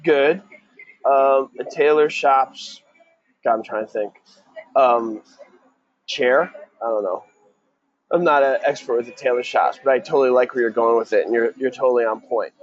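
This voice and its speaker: A man's voice: mid-range voice, normal speed, pauses often, dull audio. A man tutoring a student for a real estate exam in a casual question-and-answer session, quizzing and encouraging.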